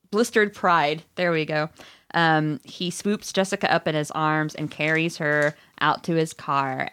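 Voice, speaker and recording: A woman's voice: low voice, fairly bright tone, smooth. A podcast host from Missouri, a woman chatting casually as she recaps a book, often saying "like" and acting out the lines she quotes.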